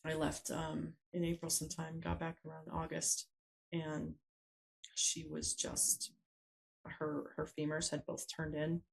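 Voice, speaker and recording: Woman guest on a podcast, low gravelly voice, kinda halting, lots of ums as she tells her story. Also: monotone, low-quality recording. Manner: hesitant, many pauses and fillers. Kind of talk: conversational interview storytelling.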